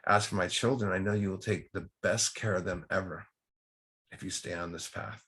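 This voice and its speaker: God as a calm older guy, a man putting him on, husky, lowish voice. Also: moderate pace. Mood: gentle. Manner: bargaining, then gentle. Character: stern but kind God, older male.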